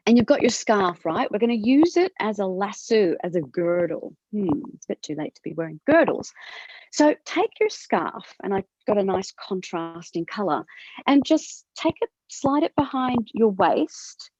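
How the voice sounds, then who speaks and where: A woman with an Australian accent teaching a movement class over a video call, asking gentle questions with a rising lilt. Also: medium pitch, very animated, moderate pace, dry recording. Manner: gentle questioning, upward inflection. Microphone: video call from her computer. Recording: dull lo-fi video call audio.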